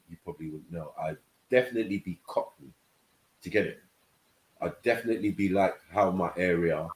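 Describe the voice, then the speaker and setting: Very deep-voiced man telling stories. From England. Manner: storytelling, keeps checking in with "you know what I mean". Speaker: panel host. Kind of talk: casual panel chat. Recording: echoey room.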